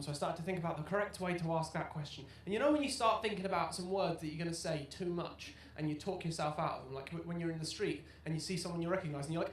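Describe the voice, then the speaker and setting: A young man in his twenties doing a stand-up comedy set, telling self-deprecating stories and bursting into loud shouted punchlines. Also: high voice, background noise. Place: comedy club stage with live audience. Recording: roomy live venue sound. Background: audience laughter.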